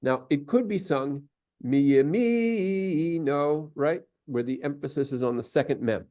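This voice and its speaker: A man's voice: medium pitch, normal speed, darkish tone. A man giving a patient, explanatory lesson at a synagogue, now and then singing short examples. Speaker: synagogue teacher. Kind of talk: explanatory lesson on Torah cantillation.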